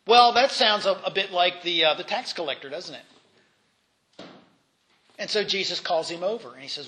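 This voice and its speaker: Man, high voice, bright tone, casual Bible teaching, chatty with restarts. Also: moderate pace, pauses often, a little hiss or hum. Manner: conversational, many fillers and restarts, voices quotes in asides.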